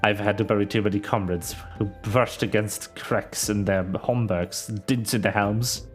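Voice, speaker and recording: A man's voice: fairly even intonation, faint music behind, close to an everyday voice. A man doing a grave veteran sellsword. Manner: low, grave, measured. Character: stern veteran male sellsword captain. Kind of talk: reading game dialogue aloud.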